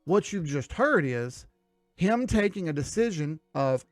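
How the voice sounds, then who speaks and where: A man's voice: fairly high pitch, very animated, measured pace, dry recording, soft background music. A man teaching trading rules to viewers in an emphatic, direct way. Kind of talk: instructional talk to viewers.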